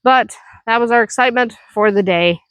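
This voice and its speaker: A woman's voice: fairly high pitch, a little fast, a bit bright, clear, resonant tone, dry recording. A woman vlogging outdoors on her farm, chatty and reassuring, tired and sore after heavy work. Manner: chatty and reassuring, talking while walking around the farm. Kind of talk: casual vlog chat.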